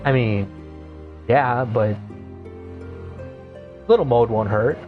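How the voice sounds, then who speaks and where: A young man streaming a game, rambling through casual commentary with lots of swearing and excited outbursts. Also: medium pitch, slow pace, phone-quality sound, soft background music.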